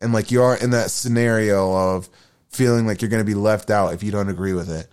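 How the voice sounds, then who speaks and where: A man's voice: on the low side, steady tone, brisk, a little mellow, clean tone. A young man hosting a solo podcast, rambling through his opinions with frequent swearing and self-deprecating asides. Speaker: podcast host.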